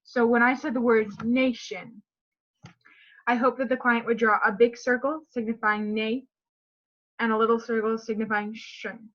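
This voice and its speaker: A woman's voice: fairly high pitch, flat delivery, normal speed, a bit bright, lo-fi sound. A woman presenting a speech therapy session in a recorded class talk, explaining and modeling word stress aloud.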